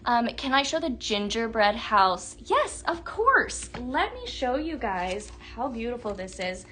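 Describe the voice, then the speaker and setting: Chatty young woman, live-shop host, bright and a little high, gushing. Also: very animated, measured pace, a little hiss or hum. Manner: chatty, gushing, reads viewer comments aloud. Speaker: livestream sales host. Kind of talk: casual live shopping demo.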